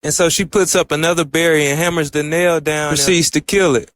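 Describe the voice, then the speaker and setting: A man's voice: on the high side, steady tone, brisk, a bit bright. Man casually retelling a story. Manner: retells scenes with running "and so" and "she says". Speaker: anime recap reviewer.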